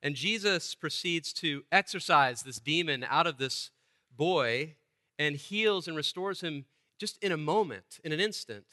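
A man's voice: fairly high pitch, animated, measured pace, pushed and bright. A man preaching a sermon, retelling a Bible story in a conversational way and acting out the speakers. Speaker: pastor.

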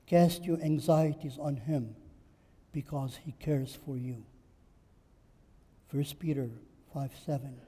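A man's voice: mid-range voice, slow pace, pauses often, warm tone, breathy edge, long reverb tail. A man preaching a sermon in church, emphatic and repeating phrases for stress. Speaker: pastor.

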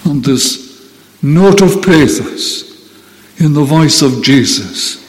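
Slow-preaching man in a reverberant hall. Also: on the high side, expressive. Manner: slow, deliberate preaching with emphatic repetition. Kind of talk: sermon.

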